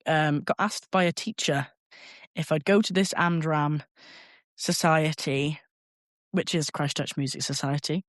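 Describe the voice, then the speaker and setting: A man's voice: fairly high pitch, fairly bright tone, no echo. Earnest young man, dry sound. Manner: earnest, halting, swears casually. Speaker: podcast guest. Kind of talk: candid personal storytelling.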